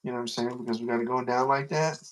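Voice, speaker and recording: A man's voice: mid-range voice, steady tone, very fast, a little hiss or hum. A man hosting a casual chat, rambling, slangy, and repeating himself. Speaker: podcast host.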